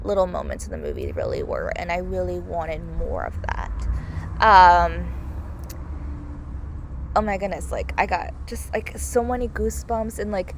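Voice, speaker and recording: A woman's voice: fairly low pitch, big pitch swings, measured pace, a little hiss or hum. Gushing young woman reviewing a movie. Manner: gushing, heavy use of "like" and "oh my God". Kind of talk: casual spoken movie review.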